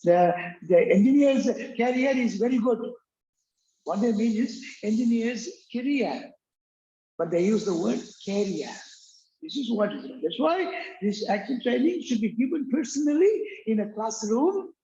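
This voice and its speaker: A man teaching an English accent lesson, halting with many fillers and restarts, repeating words for drill. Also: high voice, very animated, warm tone, a little hiss or hum. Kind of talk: classroom-style lecture. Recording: roomy, dull lo-fi recording.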